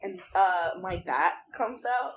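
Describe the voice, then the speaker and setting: A woman at a tabletop game speaks in a slow, unhurried way, dry and matter-of-fact. Her pitch is middle for a woman, with faint hiss behind it. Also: lively intonation. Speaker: player. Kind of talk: casual tabletop play.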